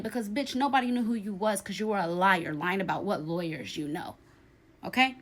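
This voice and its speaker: A woman's voice: mid-range voice, quick pace. A young woman telling a storytime vlog in a brash, profane, emphatic way, often tagging lines with "okay?". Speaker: storytime vlogger. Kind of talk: casual storytime.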